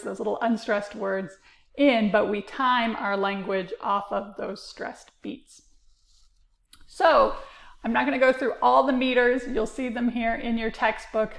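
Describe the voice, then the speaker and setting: A woman's voice: on the high side, vocal fry, echoey room. A woman teacher giving a recorded lecture, explaining with frequent uh and um fillers. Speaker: literature teacher.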